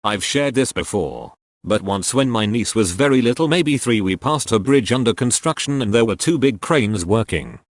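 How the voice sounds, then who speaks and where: A man reading short anecdotes aloud in a steady, matter-of-fact way. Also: medium pitch, normal speed, few pauses, dry recording, clean studio sound. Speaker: narrator reading online posts.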